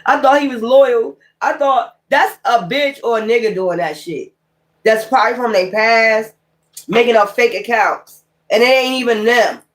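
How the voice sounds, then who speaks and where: Blunt, profane woman reading tarot. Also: medium pitch. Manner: slangy street talk, rambling. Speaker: tarot reader. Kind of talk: casual tarot card reading.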